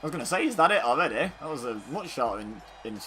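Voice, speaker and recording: Over soft background music, a gaming YouTuber narrates a wrestling video game at a quick pace, his medium-pitched, sharp voice swinging widely in pitch. He's chatty and rambling, leaning on fillers and self-mocking humor.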